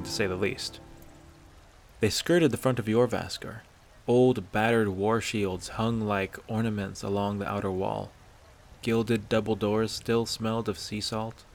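A man narrating a fan-fiction story aloud in a steady, measured way. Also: on the low side.

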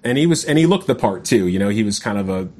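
A man's voice: on the low side, expressive, fast talker, a little mellow. A man telling a long personal story in a casual podcast chat, rambling and often saying "man" and "you know". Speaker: guest.

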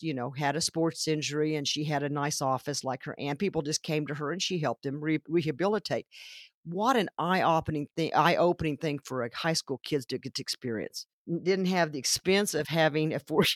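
A woman's voice: deep voice, no room sound, clean studio sound. A woman, a school guidance counselor, talking earnestly about students in an interview. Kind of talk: casual interview talk.

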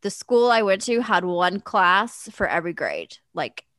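A woman's voice: medium pitch, unhurried, no echo, studio quality. A woman in her thirties from the Kansas City area, telling a story in casual chat with plenty of swearing. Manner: profane, animated storyteller.

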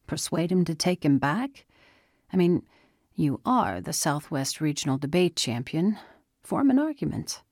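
A woman voicing a calm, probing teenage boy who questions his friend in a measured way. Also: sits low, dry recording, clean studio sound, full character voice. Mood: pressing. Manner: questioning, measured, gently pressing.

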